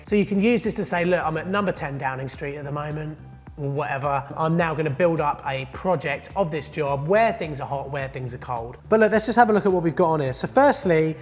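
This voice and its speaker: Upbeat plumber, high voice. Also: male voice, lively intonation, fast, few pauses, long reverb tail, faint music behind. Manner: upbeat and jokey, chatty asides. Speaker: plumber and tool reviewer. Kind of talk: product review vlog. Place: indoor studio.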